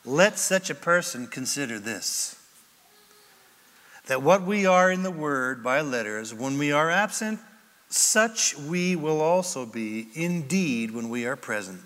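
Man, pastor, animated sermon, acts out quotes, echoey hall. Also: a little high, slow pace.

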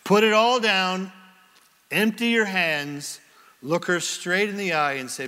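A high, bright male voice preaching with lively, theatrical energy, slipping into quick character voices to make a point. He addresses a congregation in a church. The sound carries a long reverb from a large hall. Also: clear, resonant tone. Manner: animated, acts out little scenes in different voices. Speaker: pastor. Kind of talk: sermon. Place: church sanctuary before a congregation.

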